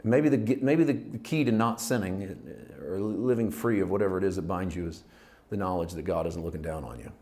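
A middle-aged man, a pastor, preaching a reflective, conversational sermon that swings between loud and soft. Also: deep voice, fairly quick.

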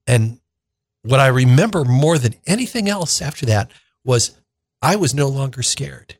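Deacon guy in his 60s telling a story on the radio, chatty, mid pitch, dry close sound. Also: moderate pace, no room sound. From northern Minnesota. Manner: conversational, animated retelling with acted-out quotes. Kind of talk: personal storytelling on religious radio.

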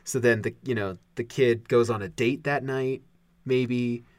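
A man in casual conversation, pitching a film plot with playful acted-out lines for the characters. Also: fairly even intonation, no room sound. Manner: playful, acts out characters' lines in quick voices. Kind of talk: casual chat.

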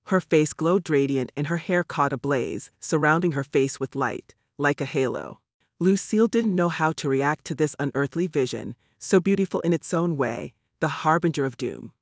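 A man reads a novel aloud in a measured, even way. His voice sits a bit high for a man and sounds dry and close to the mic, with no room around it. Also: no echo. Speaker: narrator. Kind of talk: audiobook narration.

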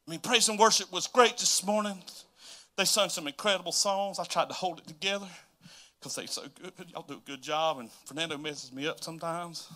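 A pastor with a bright, somewhat high voice, preaching in a church. He talks casually and with feeling, swinging between loud exclamations and hushed, confiding asides. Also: fairly quick. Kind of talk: sermon. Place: church sanctuary.

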